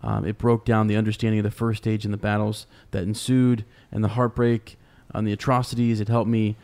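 A man co-hosting a podcast, speaking in a halting way with many ums and uhs. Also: fairly low pitch, level tone, a little mellow. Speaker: podcast co-host. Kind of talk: casual podcast chat.

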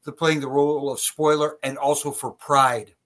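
A man co-hosting a wrestling podcast, giving measured, thoughtful analysis in casual chat. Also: fairly high pitch, little pitch movement, fairly bright tone. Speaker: podcast co-host.

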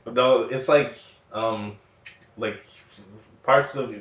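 A man's voice: mid-range voice, steady tone, extremely slow, slight background noise. A man co-hosting a casual movie podcast, rambling with many fillers and frequent laughs, slightly nasal. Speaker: podcast co-host. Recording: roomy, distant, dull home recording.

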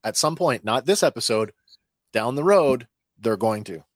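A man's voice: medium pitch, lively intonation, normal speed, no room sound. A man co-hosting a podcast, chatty and casual, restarting sentences and reacting with jokes. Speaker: podcast co-host. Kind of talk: casual chat.

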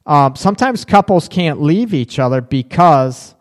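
A man's voice: on the high side, lively intonation, measured pace, long reverb tail. A man hosting a relationship talk show, reading viewer comments and answering in a candid, chatty way. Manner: candid, frank, chatty with frequent restarts. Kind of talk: live-stream chat reading viewer comments.

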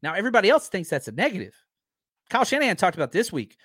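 Animated, ranting man hosting a sports stream. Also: sits high, racing, breathy edge, no echo, studio quality. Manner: animated, ranting, swearing, self-interrupting. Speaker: sports talk show host. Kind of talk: casual live-stream sports rant.

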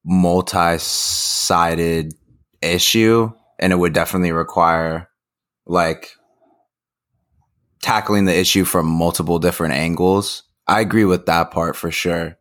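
A man who is a guest on a podcast, talking in a measured, agreeable way. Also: low-pitched, fairly even intonation, fairly bright tone. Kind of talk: casual chat.

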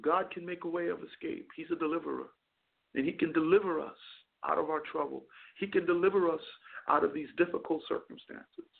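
A man's voice: on the high side, fairly quick, creaky. A man preaching as a radio host and chaplain, impassioned, stammering and repeating words as he acts out prayers. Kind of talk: radio sermon. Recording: tinny phone line.

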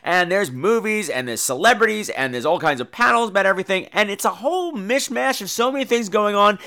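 A man hosting a podcast who tells stories in a casual monologue, animated and profane. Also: high voice, brisk. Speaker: podcast host.

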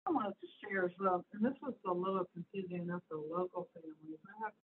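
Hosting a chatty education news commentary, this woman rambles along with asides and restarts. She talks quickly in a fairly low voice with a breathy edge, and the recording sounds tinny, like a phone.

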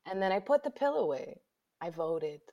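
A woman guest, an author, telling a personal story in conversation, lively and dropping to whispers for her inner thoughts. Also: medium pitch, normal speed, muffled recording.

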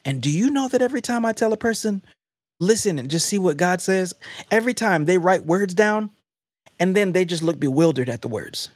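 A man hosting a faith podcast, preaching in an emphatic, animated, conversational way. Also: high voice, fairly quick, no echo. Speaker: podcast host.

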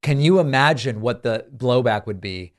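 A man's voice: medium pitch, animated, moderate pace. A man hosting a political commentary show, sarcastic and incredulous as he reacts to clips.

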